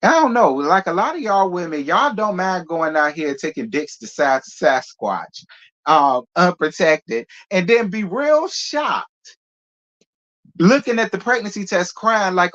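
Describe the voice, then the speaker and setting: Brief: opinionated gossip host, loose and rambling, mid pitch, lo-fi recording. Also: animated, a little slow, a bit bright. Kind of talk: casual gossip commentary.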